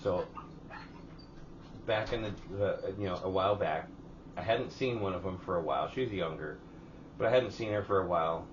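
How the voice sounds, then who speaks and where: Co-hosting a casual podcast from his home garage, a man tells long, profane stories, acts out other people's lines, and is hot and sweating. His voice is deep, with a moderate pace and frequent pauses. He sits far from the mic, so the recording is muffled, with background noise.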